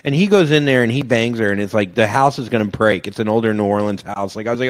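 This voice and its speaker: A man's voice: on the low side, fast talker. Man telling a wild story on a podcast. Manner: animated storyteller, acts out loud shouted quotes. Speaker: podcast co-host. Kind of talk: casual chat.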